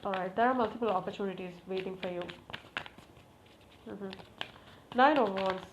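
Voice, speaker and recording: A woman giving a casual tarot reading to camera, talking to the cards, repeating requests and exclaiming with excitement. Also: medium pitch, normal speed. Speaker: tarot reader. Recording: slightly muffled, faint background noise.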